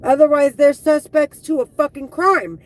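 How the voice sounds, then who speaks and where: A woman live streaming an angry, profane monologue, heated and full of halting restarts. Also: high-pitched, rough recording.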